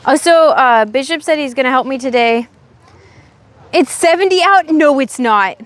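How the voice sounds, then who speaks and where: High-voiced sassy woman streaming outdoors. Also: lively intonation, normal speed, no echo. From Oregon, USA. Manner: chatty, sassy, talks to chat. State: sick, low energy. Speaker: livestreamer. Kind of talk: casual chat with live chat. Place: outdoors in a windy park. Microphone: phone on a selfie stick.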